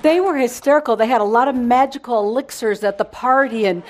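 A woman's voice: on the high side, fairly quick, noisy background. A woman co-hosting in casual chat, amused and chatty. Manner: amused, chatty, laughing along. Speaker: co-host.

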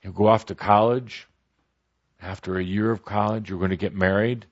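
A man voicing a calm, all-knowing spirit that speaks slowly and reassuringly in a storytelling recording. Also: fairly low pitch, dull audio, natural voice. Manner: slow, soothing, reassuring.

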